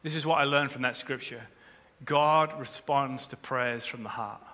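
Pastor guy preaching, super bright voice, jokey asides, church hall echo. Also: medium pitch, normal speed. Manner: animated preaching, swings from quiet to shouting; humorous asides. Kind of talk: sermon. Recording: long reverb of a church hall.

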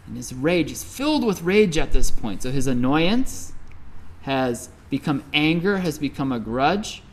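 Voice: mid-range voice, measured pace. Conversational Buddhist preacher telling a story. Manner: conversational, lively, with frequent "right?" asides. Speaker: Buddhist minister. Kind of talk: sermon storytelling.

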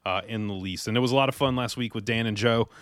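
A man's voice: mid-range voice, fast, a bit bright, no room sound, studio quality. A man hosting a podcast, talking in a friendly, rambling way and often quoting himself. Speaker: podcast host. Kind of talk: casual podcast chat.

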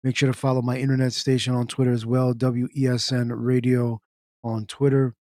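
A man hosting his own podcast in a loose, chatty way, with fillers and some throat clearing. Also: mid-range voice, flat delivery, a little fast, darkish tone, no room sound, studio quality. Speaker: podcast host. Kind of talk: casual solo podcast talk.

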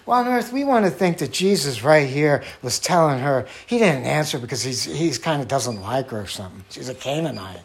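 A man preaching a sermon in an earnest, conversational way. He acts out the voices he quotes and drops to a quiet, low tone on key phrases. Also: lively intonation, fairly quick, few pauses.

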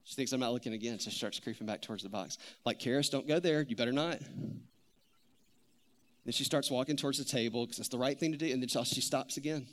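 A man in his thirties preaching a sermon, telling stories in an animated, conversational way. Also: mid-range voice, a little fast. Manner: animated storytelling, conversational with many "like"s. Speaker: pastor.

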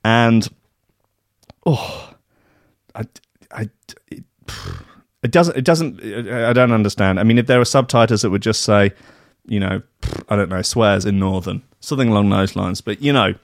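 A man's voice: fairly low pitch, brisk, no echo. Sweary rambling man, dry sound. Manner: sweary, self-mocking, rambling with many restarts. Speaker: host of a drinking chat show. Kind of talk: casual rambling chat.

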